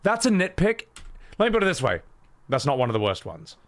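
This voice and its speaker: A man casually commenting on a video game as a YouTuber, animated and jokey. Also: a little high, brisk, heavy background noise. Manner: animated, jokey, breaks into silly voices.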